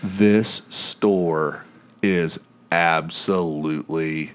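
A man tells a story on his podcast, talking casually and swearing freely. His voice sits a bit low. He acts out other people's lines as he goes. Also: fairly even intonation, extremely slow, clean tone. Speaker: podcast host. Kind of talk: casual chat.

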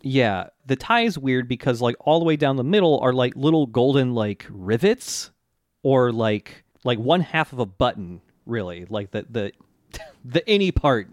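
A man's voice: medium pitch, lively intonation, unhurried, no room sound, studio quality. A man co-hosting a podcast, casually recapping an anime and meandering as he searches for words. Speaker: podcast co-host.

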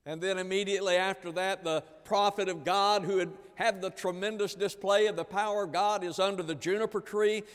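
A man's voice: high voice, fairly even intonation, fairly quick, few pauses, smooth. Earnest preacher man in a reverberant hall. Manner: earnest, repetitive preaching with big swings in loudness. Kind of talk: sermon. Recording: long reverb of a large hall.

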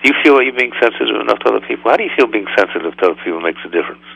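Gravelly man giving a spirited radio lesson. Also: lowish voice, racing, no echo, rough recording. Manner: animated, full of rhetorical questions. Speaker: radio host teaching a religious lesson. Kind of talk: conversational religious teaching.

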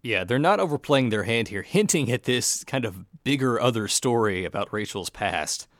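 A man's voice: medium pitch, lively intonation, normal speed, no room sound, studio quality. A man co-hosting a casual podcast, recapping a plot with a wry tone. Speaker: podcast co-host. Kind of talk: casual chat recapping a TV show.

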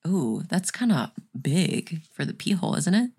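A young woman with a slightly low voice, co-hosting a chat podcast. She talks bluntly and rambles from point to point, swearing freely. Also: sing-song, normal speed, gravelly, darkish tone, breathy edge. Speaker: podcast co-host. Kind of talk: casual chat.

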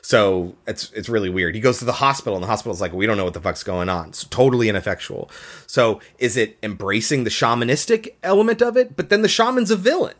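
A man on a casual film podcast, retelling a plot in an animated way and slipping into jokey voices for the people he quotes. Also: medium pitch, quick pace. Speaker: podcast host.

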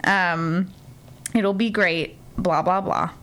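A woman's voice: fairly low pitch, steady tone, takes it slowly, fairly bright tone. Rambling young woman recapping a show. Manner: rambling, frequent "like" fillers, acts out lines in character voices. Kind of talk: casual chat recapping a TV episode.

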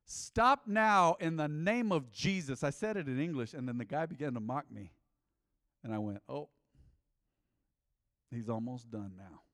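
A man preaching a sermon, telling a personal story with lively acted-out quotes and shifts between loud and quiet delivery. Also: medium pitch. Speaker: pastor. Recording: long hall reverb.

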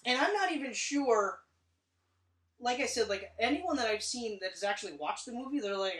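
A woman co-hosting a casual movie chat, critiquing films in a blunt, animated way with plenty of swearing. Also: on the high side, normal speed. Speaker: podcast co-host. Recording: roomy, distant mic.

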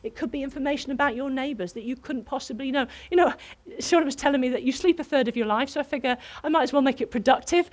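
A woman with a high voice gives a sermon. She tells a personal story in a lively way, and her laughter keeps breaking through. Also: quick pace, hardly any pauses. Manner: animated, bursts into laughter while telling a story. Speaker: preacher.

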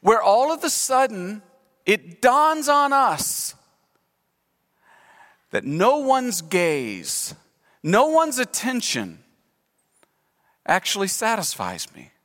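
A middle-aged male pastor preaching in a large church sanctuary, his voice sitting notably high and ringing bright. He moves between hushed prayer and animated, expressive storytelling. The sound carries a long hall reverb. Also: slow, long pauses. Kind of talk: sermon.

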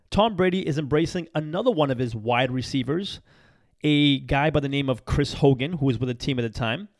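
An energetic man hosts a daily motivational podcast, talking in a chatty, upbeat way. His voice sits a little higher than most men's, and he laughs often and repeats phrases for emphasis. The recording is dry and close, with no room sound. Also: no room sound. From Massachusetts. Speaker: podcast host. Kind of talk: motivational talk show monologue.

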